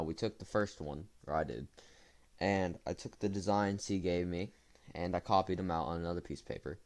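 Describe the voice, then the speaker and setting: A young man casually telling a rambling story to his viewers, full of fillers and restarts. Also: low voice. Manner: rambling, with fillers and self-corrections. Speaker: storytime vlogger.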